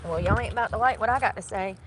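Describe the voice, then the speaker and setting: A woman's voice: mid-range voice, very fast, noisy background. A woman telling a rambling, candid story in casual slang while she drives.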